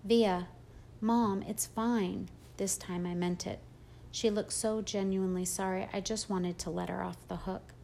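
A woman reading a first-person audiobook in a steady, plain storytelling manner. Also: fairly low pitch, moderate pace, gravelly, a little hiss or hum. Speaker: audiobook narrator.

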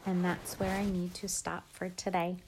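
A woman reading a chapter book aloud in a steady, clear way. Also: fairly low pitch, normal speed, a little hiss or hum.

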